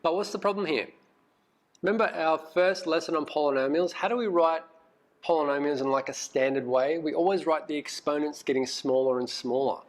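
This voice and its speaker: Brisk and fairly high-pitched, a man leads a recorded math lesson, thinking aloud with muttered asides. He is lively, firing off questions and coaxing his students along.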